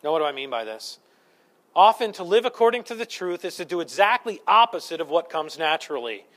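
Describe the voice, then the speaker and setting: Brisk and on the high side, a man in his thirties preaches with energetic storytelling and self-mocking humor. He moves back and forth between loud, emphatic lines and hushed asides.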